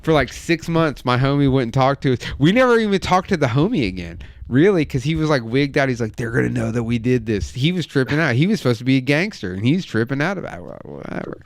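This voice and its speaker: A man's voice: medium pitch, quick pace, few pauses, dry recording, clean studio sound. A man in his thirties telling a wild, profane story in casual chat as a podcast host. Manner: profane, animated anecdote telling.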